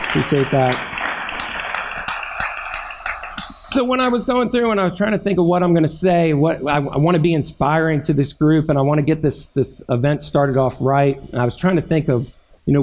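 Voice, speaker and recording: Retired man, keynote speech, earnest and halting, a little high voice, mellow tone. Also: low-quality recording. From Frederick County, Maryland. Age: older. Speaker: keynote speaker.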